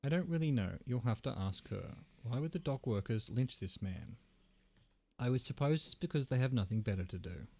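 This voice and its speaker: A man's voice: mid-range voice, lively intonation, moderate pace, gravelly, warm tone. A man voicing a grumpy middle-aged male hostel manager who talks curtly and sounds irritated. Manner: curt, irritated.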